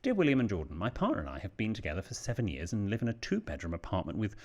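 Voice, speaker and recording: A British man co-hosts a podcast, reading listener letters aloud during a casual chat. His voice sits on the low side and moves very fast, with a lively, animated reading style.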